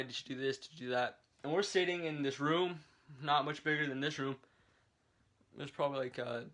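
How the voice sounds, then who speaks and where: A man's voice: mid-range voice, pushed and bright. A young man vlogging casually from his bedroom, rambling and chatty, filming on a handheld camera. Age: young adult. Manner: rambling, chatty, lots of fillers. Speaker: vlogger and military recruit.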